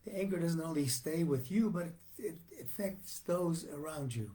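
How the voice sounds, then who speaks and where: A male rabbi giving a sermon on the weekly Torah portion in a measured, earnest teaching manner with frequent restarts. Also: fairly high pitch, lively intonation, dark tone.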